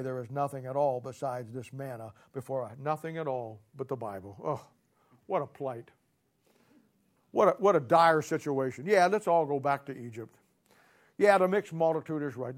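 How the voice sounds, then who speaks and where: A man preaching a sermon as pastor, emphatic and sarcastic, rising to loud outbursts. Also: sits high.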